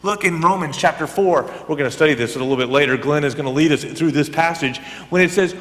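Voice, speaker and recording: A pastor with a fairly high voice delivers his sermon in a church sanctuary, where long reverb trails after every phrase. He talks conversationally, swinging from loud emphatic bursts down to quiet, almost whispered asides. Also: quick pace.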